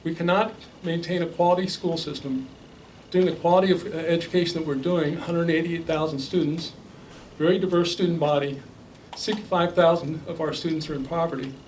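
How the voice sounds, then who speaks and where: A man speaking at a public debate, laying out figures in a measured way with frequent restarts. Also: a little high, steady tone, a little mellow. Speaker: debate panelist. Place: realty office meeting room. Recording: distant mic with faint noise.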